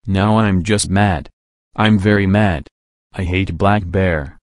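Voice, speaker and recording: A man voicing a hot-tempered male cartoon horse who hurls insults and threats in short, flat sentences. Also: low-pitched, slow pace, dry recording. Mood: furious.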